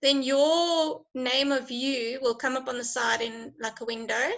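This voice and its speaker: Bright, high-voiced encouraging woman teacher. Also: fairly even intonation, measured pace, poor audio. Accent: South African. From South Africa. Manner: encouraging, chatty, laughs often. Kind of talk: online class lesson.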